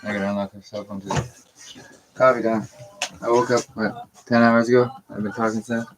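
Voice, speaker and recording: Low, flat-voiced man in his thirties ranting. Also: fairly quick, over music, rough recording. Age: 30s. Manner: profane, confrontational, rambling. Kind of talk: rambling live-stream monologue.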